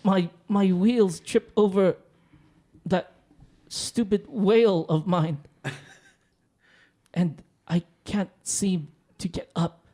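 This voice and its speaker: A man's voice: high-pitched, slow, pauses often, mellow. A man voicing a blind man giddy with wonder over lemonade, in melodramatic, rambling exclamations, in an improvised tabletop role-play. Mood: pleading.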